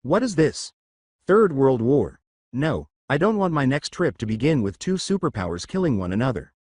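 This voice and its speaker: A man voicing an ancient female dragon goddess who is playful, teasing and quick to anger, in a fan story reading. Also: medium pitch, very animated, darkish tone, no room sound, clean studio sound.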